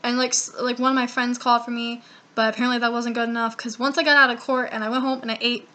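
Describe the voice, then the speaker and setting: A young woman telling a story to camera in a casual vlog, animated and swearing often as she acts out what people said. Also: a little high, fast. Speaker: vlogger.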